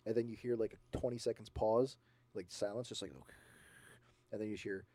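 A man co-hosting a casual podcast, telling scary stories in an animated way and acting out sounds and voices. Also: lowish voice, a little fast, no room sound. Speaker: podcast co-host. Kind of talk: casual chat.

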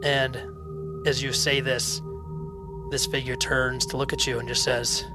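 As game master for a tabletop game, a man narrates scenes in rich detail and pokes fun at his own character voices. He speaks at a medium pitch in a level tone, unhurried and with long pauses, while background music plays.

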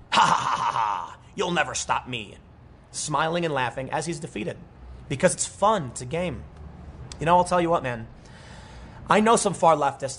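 Husky-voiced man ranting about politics. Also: fairly high pitch. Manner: animated, rambling, many restarts. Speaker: political commentator. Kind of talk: unscripted commentary monologue.

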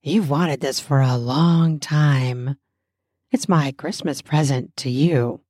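A woman voicing a tender, reassuring male lover in a low, hushed whisper, as whispered role-play. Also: takes it slowly, no room sound, clean studio sound, exaggerated voice. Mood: soothing. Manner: soft, low, hushed murmur.

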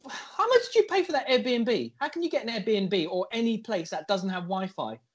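A man's voice: sits high, lively intonation, normal speed, breathy edge. A man co-hosting a comedy podcast in a put-on American accent, mock-serious and exaggerated. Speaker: podcast co-host.

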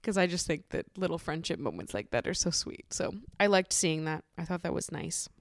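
A young woman hosting a podcast, chatting in a gushing, casual way with lots of filler words and frequent laughter, acting out quotes in animated voices. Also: sits low, normal speed, vocal fry, no echo, studio quality. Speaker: podcast host. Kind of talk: casual chat recapping a reality show.

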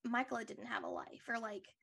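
A woman's voice: fairly high pitch, fairly even intonation, fairly quick, vocal fry, a bit bright. A young woman co-hosting a podcast, chatting casually and rambling with lots of likes and restarts. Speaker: podcast co-host. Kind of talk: casual recap chat.

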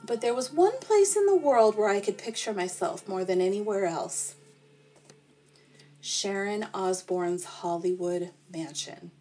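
A woman narrating a playful, deadpan comic sleep story in the first person. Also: medium pitch, a little slow, breathy edge. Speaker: podcast storyteller.

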